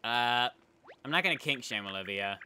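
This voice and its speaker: Wry, animated young man playing a game. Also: medium pitch, normal speed, a little hiss or hum. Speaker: let's play commentator. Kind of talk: casual gameplay commentary.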